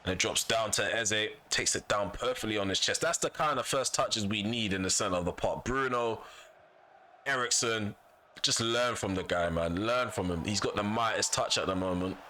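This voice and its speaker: A gaming YouTuber casually commentates on his own football video game, frustrated and venting, repeating himself whenever he's annoyed. His voice is on the low side, sharp in tone, at a moderate pace.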